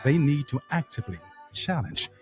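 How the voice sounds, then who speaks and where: A man's voice: on the high side, expressive, moderate pace. Blunt preachy man over faint music. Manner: preachy, direct, addresses listeners as family and fellas; blunt street slang and swearing. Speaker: speaker addressing men. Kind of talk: motivational monologue.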